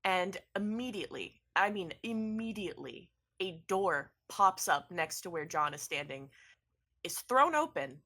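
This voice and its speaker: A woman's voice: on the low side, very animated, measured pace, bright, forceful tone. A woman narrating a tabletop game as game master, in a rambling, playful way.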